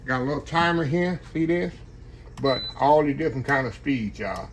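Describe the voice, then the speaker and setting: A man's voice: mid-range voice, expressive, moderate pace, a little hiss or hum. A man hosting a casual kitchen vlog, chatting to viewers as y'all while demonstrating a stand mixer, laughing often. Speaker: cooking channel host reviewing a stand mixer. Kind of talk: casual product demo vlog. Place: home kitchen.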